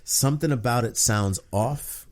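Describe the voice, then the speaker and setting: A man's voice: mid-range voice, measured pace, darkish tone. A man hosting a podcast in easy conversation, with a voice in the middle of the usual range. He jokes, swears freely and likes telling stories. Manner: joking, profane storyteller. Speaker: podcast host. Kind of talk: casual chat.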